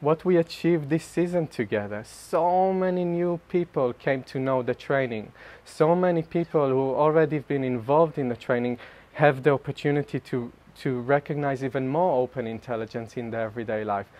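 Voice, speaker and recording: Man, mid-pitched, candid group-talk speaker; animated, pokes fun at himself, laughs mid-line. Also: normal speed, few pauses. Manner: animated and self-mocking, laughing often mid-sentence. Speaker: speaker sharing at a group retreat. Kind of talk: personal spiritual talk.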